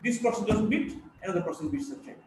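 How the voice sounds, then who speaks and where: A man's voice: sits high, animated, distant mic. Man, teacher, live lecture, demonstrates stress aloud, very echoey room, faint background noise. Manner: slow, deliberate, models sentence stress aloud. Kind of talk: live online class lecture.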